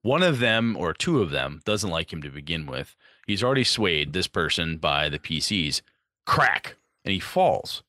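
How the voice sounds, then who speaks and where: A man talking casually about running tabletop games, animated and profane, acting out characters as he goes. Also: low voice, normal speed, dry recording. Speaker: game master.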